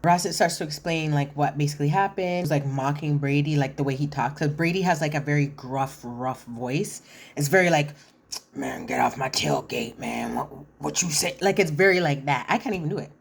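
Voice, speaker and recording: A woman with a slightly low voice chats through a reality-show recap. She sounds opinionated and animated and keeps jumping into little impressions of the cast. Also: brisk. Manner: chatty and opinionated, acts out quotes, often says "listen". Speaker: reality TV commentator. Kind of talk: casual recap commentary.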